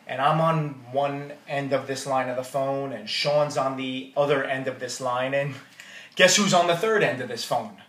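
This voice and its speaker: A man's voice: medium pitch, normal speed. A man giving a wedding toast, telling jokey stories about the groom. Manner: storytelling, jokey and warm toward the groom. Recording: roomy hall audio from a distance.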